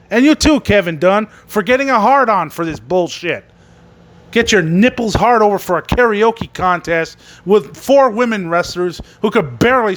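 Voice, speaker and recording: A man with a high-pitched voice hosts a wrestling podcast. He recaps the show in a furious, profanity-laden rant. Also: a bit bright. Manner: angry, swearing constantly. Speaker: podcast host reviewing wrestling.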